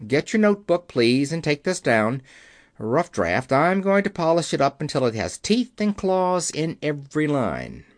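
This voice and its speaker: A man reads a commanding chief engineer with a quiet, carrying authority. His pitch moves a lot as he lays down the law. The sound is dry and close. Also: big pitch swings, normal speed, no echo. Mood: businesslike.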